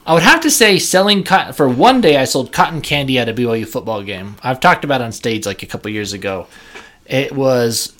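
A man's voice: mid-range voice, animated, a little fast, fairly bright tone. A young man, a comedian on a podcast, telling a story in a rambling way with many restarts. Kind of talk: casual storytelling.

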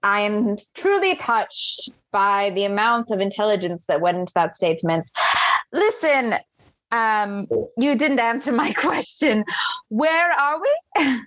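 A woman's voice: fairly high pitch, lively intonation, a little slow, a bit bright, no room sound. A woman playing a tabletop game, speaking in character with sarcastic, haughty banter. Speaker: player. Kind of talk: in-character tabletop role-play.

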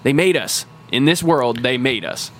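In a casual podcast chat, a co-host gives a long, profane, rambling explanation of a game's lore, restarting often. He speaks at a moderate pace in a bright-ish mid-range voice with lively intonation.

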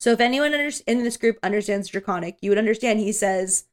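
A woman's voice: mid-range voice, quick pace. Casual woman game master. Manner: casual, lively, swearing in character quotes. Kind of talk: running a tabletop game.

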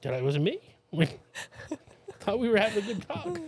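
A man's voice: high-pitched, huge pitch swings, brisk, darkish tone, slightly rough. A man, co-hosting a podcast and telling rambling stories in a casual chat, full of fillers, laughs and swearing. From Massachusetts, USA. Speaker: podcast co-host.

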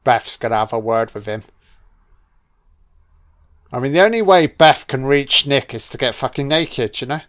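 A man's voice: mid-range voice, animated, moderate pace, pauses often, fairly bright tone. Profane, jokey male film commentator. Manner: profane, jokey, heavy swearing.

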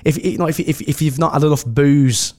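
A man's voice: on the high side, brisk, a little mellow. Uk guy chatting on a podcast, rambly, keeps restarting his sentences. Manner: rambling, many restarts and "do you know what I mean". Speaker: wedding host and celebrant, guest. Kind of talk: casual podcast chat.

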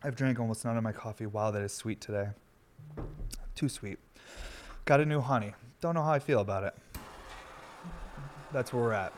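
A man's voice: mid-range voice, normal speed, long pauses, slight background noise. Rambling, profane young man at home. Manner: loose, unfiltered, profane, self-deprecating. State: cold and shivering. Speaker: streamer and podcast host. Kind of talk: rambling casual talk. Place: home smoking session, Colorado.

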